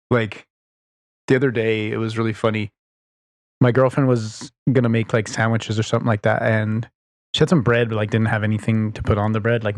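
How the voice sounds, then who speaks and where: A man's voice: fairly low pitch, no echo, clean studio sound. A man hosting his own podcast, chatting casually in a rambling, profane way with lots of "like" and "you know". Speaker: podcast host. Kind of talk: casual solo chat.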